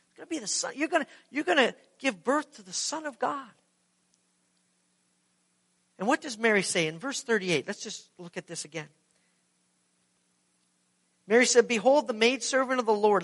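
High, bright-voiced man preaching. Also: brisk. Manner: animated, acts out the scene. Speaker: pastor. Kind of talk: sermon.

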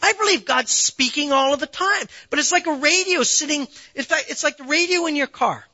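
A man's voice: very high voice, a little fast, sharp tone, dry recording, lo-fi sound. A man preaching a sermon in a conversational way, asking rhetorical questions and building emphasis. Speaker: pastor.

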